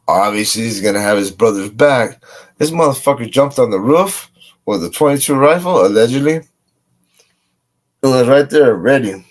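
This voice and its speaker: A man casually telling a boastful street story, swearing often. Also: medium pitch. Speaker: guest.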